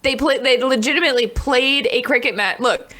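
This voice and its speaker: A young woman co-hosts a podcast in loose, rambling chat. Her voice sits fairly high and sounds bright. She gets excited fast and breaks into laughter easily. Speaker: podcast co-host. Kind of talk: casual chat.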